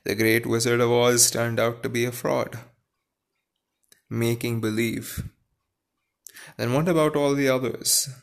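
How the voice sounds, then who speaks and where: A man's voice: mid-range voice, level tone, a little slow, vocal fry, pauses often. A man reading a storybook aloud, stumbling and restarting now and then, and stopping to question the story in his own words. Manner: slips and restarts while reading. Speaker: reader.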